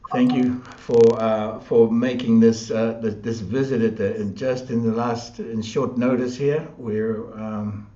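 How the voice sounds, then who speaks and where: An upbeat man hosts a live online chat and laughs easily as he talks. His voice sits at an ordinary middle pitch. The room rings around him, and the sound is slightly dull and muffled. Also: fairly even intonation, unhurried, few pauses, warm tone, roomy sound. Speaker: host.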